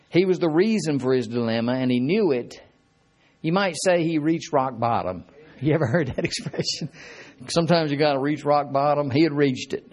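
A man's voice: mid-range voice, a little mellow. A man preaching a sermon in a folksy, conversational way, his voice rising and dropping dramatically as he reads and retells scripture.

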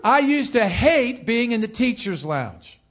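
A man delivers a sermon from the pulpit with a high, animated voice full of swooping pitch. He leads the congregation in repeating phrases. He presses each point home by saying it again and again. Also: measured pace. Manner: animated preaching with call-and-response. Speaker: pastor.

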